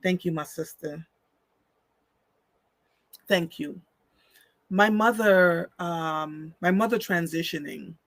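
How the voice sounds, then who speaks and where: A woman in her fifties hosting a live show, reading chat comments and telling a heartfelt personal story in a casual, lively way. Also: sits low, no echo. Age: 50s.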